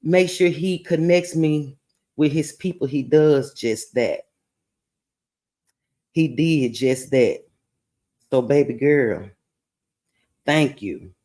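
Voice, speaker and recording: A woman podcast host telling a testimonial story, animated, laughing and preachy. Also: sits low, slow, long pauses.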